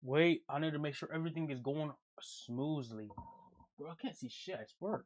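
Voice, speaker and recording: A man streaming reaction videos in casual, profane chat, swinging from loud hype bursts to low mumbled asides, tired from no sleep. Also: moderate pace, no echo, clean studio sound. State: sleep-deprived.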